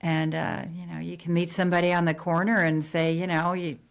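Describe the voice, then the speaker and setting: A woman's voice: lowish voice, little pitch movement, brisk, gravelly. A middle-aged woman from New Jersey, a real estate agent chatting casually in an interview, with frequent fillers and restarts.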